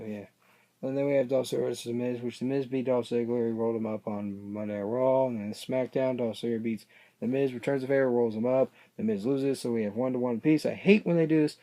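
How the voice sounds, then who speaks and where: A man's voice: mid-range voice, warm tone. A man casually recapping a show, rambling and hesitant, often losing his place mid-sentence. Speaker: wrestling reaction vlogger.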